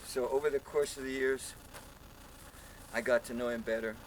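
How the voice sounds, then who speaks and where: Older muralist man, lively storyteller, middle pitch, noisy traffic behind. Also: normal speed, pauses often. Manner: lively storyteller, acts out voices. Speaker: muralist being interviewed. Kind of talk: storytelling interview.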